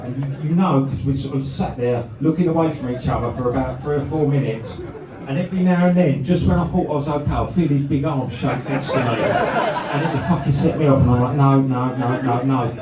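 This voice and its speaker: A man tells a rambling, sweary story on stage and laughs his way through it. He sounds a little far from the mic, in a roomy club. A noisy crowd and music sit behind him. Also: mid-range voice. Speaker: comedy band frontman. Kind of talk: live stand-up storytelling.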